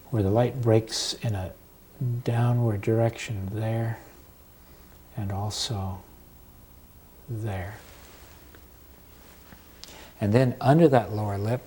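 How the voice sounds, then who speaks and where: A man teaching an oil portrait step by step, talking calmly with pauses while he paints. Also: fairly low pitch, a little hiss or hum. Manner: slow, unhurried and calm, with pauses while working. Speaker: painting instructor.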